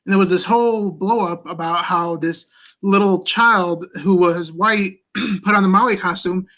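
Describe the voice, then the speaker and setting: Guy on a video call panel, relaxed, rambles, lots of uh and you know. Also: high voice, a little slow.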